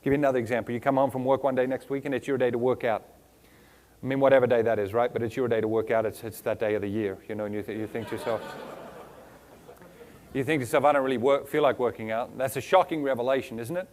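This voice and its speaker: A foreign-accented man with a mid-range, slightly mellow voice talks at a quick pace. He's giving a motivational keynote on stage to a live crowd, firing off rhetorical questions and word lists while teasing them playfully.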